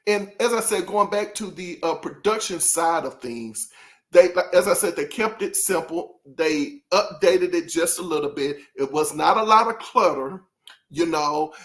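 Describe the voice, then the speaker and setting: At a measured pace, a man with a high, fairly bright voice hosts a casual album review. He digresses and cuts himself off, repeatedly laughing and apologizing while talking straight to his viewers.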